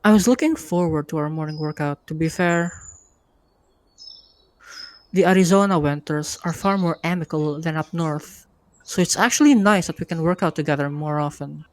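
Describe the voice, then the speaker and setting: Low-voiced woman narrating a story. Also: normal speed, a little mellow. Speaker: host and narrator. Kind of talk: live first-person story narration.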